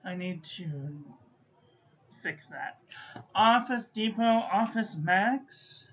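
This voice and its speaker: A woman's voice: medium pitch, drawn-out words. Chatty woman muttering over a paper test. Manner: chatty, mutters to herself, playfully scolds. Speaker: stationery reviewer. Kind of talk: casual review commentary. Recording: dull lo-fi audio with faint background noise.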